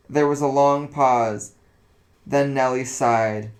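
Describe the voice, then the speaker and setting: A man narrating a story aloud in a relaxed, casual reading voice. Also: mid-range voice, slow, rough recording.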